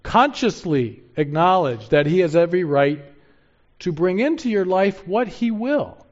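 A man's voice: sits high, very animated, measured pace, dull audio. A male pastor preaching a sermon in an emphatic way, repeating key phrases for stress.

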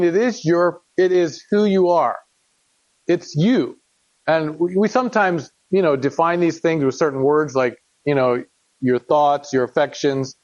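A man's voice: a little high, darkish tone, no room sound, highs cut off. A man teaching from the Bible, reading verses aloud and then explaining them plainly while asking the congregation questions. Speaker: preacher.

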